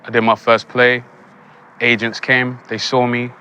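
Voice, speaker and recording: A young man, an actor telling stories in a casual interview, animated and laughing often. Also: mid-range voice, a little slow, dull audio, slight background noise. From England. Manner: animated, laughs often, acts out quoted lines. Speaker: actor guest.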